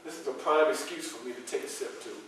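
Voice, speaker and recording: A man performing a first-person historical story, addressing a live audience as a lively storyteller. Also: mid-range voice, fast, noisy background. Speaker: historical reenactor. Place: public library event room. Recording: echoey room from far off.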